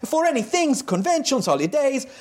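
A man's voice: extremely high pitch, big pitch swings, normal speed, a little mellow, pitched above the performer's own voice. A man reading out a gushing female Italian fan's letter in a choppy, overdone mock Italian accent. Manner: choppy, sing-song, overdone. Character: gushing female Italian fan in broken English.

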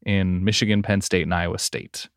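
A man's voice: sits low, level tone, moderate pace, clear, resonant tone, no room sound, clean studio sound. A man co-hosting a casual sports podcast, breaking down stats in a chatty, self-correcting way. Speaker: podcast co-host.

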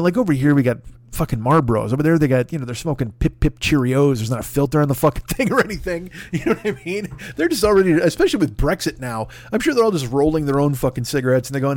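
A man's voice: mid-range voice, a little mellow, no room sound. A man ranting on a comedy podcast, profane and rambling, riffing as he goes. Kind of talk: comedic rant.

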